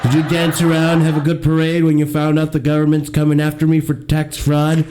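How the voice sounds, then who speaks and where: A man's voice: a little high, completely flat delivery, fairly quick, warm tone, slight background noise, natural voice. A man doing an impression of a boastful, crude politician who insults and taunts his co-host on a comedy podcast. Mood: taunting. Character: brash bragging male politician impression.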